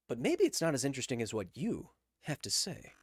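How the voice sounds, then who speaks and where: A man in his thirties hosts a casual livestream podcast, chatting loosely and jokingly reading live chat messages from viewers aloud. His medium-pitched voice swoops wildly, has a breathy edge, and moves fairly quickly.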